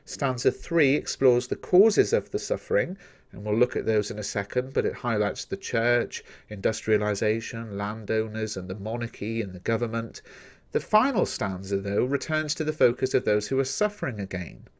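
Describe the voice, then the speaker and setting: A man's voice: fairly low pitch, normal speed. A man with an English accent, a teacher giving a methodical, recorded revision lesson that speaks directly to the viewers. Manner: steady, methodical explaining, addressing viewers directly.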